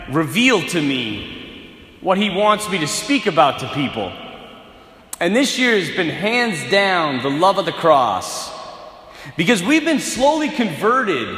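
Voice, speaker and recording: A man's voice: high-pitched, sharp tone. A man preaching a sermon, speaking emphatically and repeating words to build toward a point. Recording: echoey hall with long reverb.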